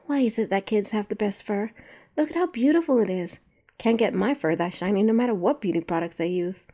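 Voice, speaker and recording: A fiery young shopkeeper with a sharp tongue, as a woman puts her on. Her mellow voice is a touch raised, and she speaks in a storybook reading. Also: mid-range voice, animated, brisk, natural voice. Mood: doting. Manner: snappish. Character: young adult female animal shopkeeper, fiery and irritable.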